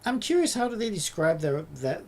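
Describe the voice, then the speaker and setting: A man talks through his game coding on a live stream, rambling and thinking aloud with casual swearing. His voice sits a little high and has a gravelly edge. Faint keyboard typing and light noise sit behind him. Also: big pitch swings, moderate pace, darkish tone. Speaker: streamer and indie game developer.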